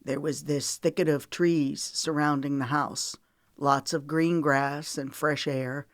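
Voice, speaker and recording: A woman's voice: sits low, fairly even intonation, slow pace, dry recording, clean studio sound. A woman doing a weary, protective man. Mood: earnest. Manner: blunt, earnest storytelling. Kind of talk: audiobook character voice.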